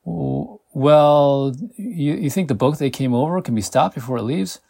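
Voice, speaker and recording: A man's voice: a little high, animated, a little slow, vocal fry, warm tone, slightly rough, pitched above the performer's own voice, heavily acted. A man voicing a worried young male pilot who speaks urgently and stumbles over his words.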